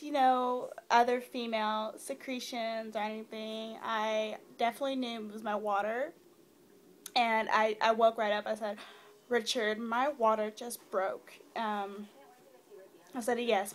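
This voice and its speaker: Young woman vlogger, chatty and rambling, pitched a bit high, casual story to camera. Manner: chatty, many fillers, rambling. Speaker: new mother vlogger.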